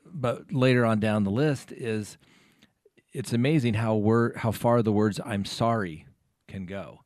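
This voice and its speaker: A man hosts an interview in a casual, conversational way, often repeating words as he gathers his thoughts. His voice sits fairly low, and the sound is dry and close. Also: a little slow, a little mellow, dry recording. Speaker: host, trial attorney.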